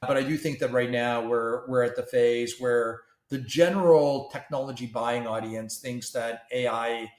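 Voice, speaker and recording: A man from Canada talks as a company founder in a podcast interview. His pitch sits in the middle range and his delivery is animated, with frequent restarts and repeated words. The room around him is audibly echoey. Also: a little slow, few pauses. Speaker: tech company CEO, guest.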